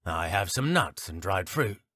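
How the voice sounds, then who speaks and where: A composed captain who keeps himself in check, voiced by a man, polite and measured, his pitch moving freely. The read is close and dry with no room. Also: sing-song, fairly bright tone, no echo, full character voice. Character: composed male captain, guarded and earnest.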